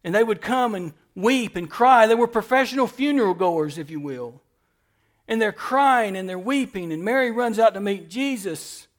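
A man with a high voice preaches from a church pulpit. He drives his points home with repeated phrases and lets his volume swell and fall as he goes. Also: lively intonation, moderate pace. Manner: preaching with emphatic repetition, swinging between soft and loud. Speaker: pastor. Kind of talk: sermon.

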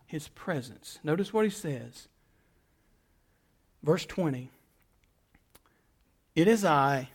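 A middle-aged man preaching a sermon as pastor, building emphatic repeated phrases and swinging from loud appeals to hushed words. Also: sits high.

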